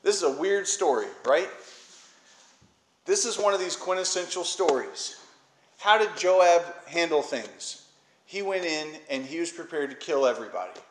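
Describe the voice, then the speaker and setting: A preacher, a man, walks through a Bible story as if chatting with friends, slipping into the quoted characters' voices. His voice sits a little high for a man. The sound carries a noticeable room echo. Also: lively intonation, normal speed, slight background noise. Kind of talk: informal Bible teaching.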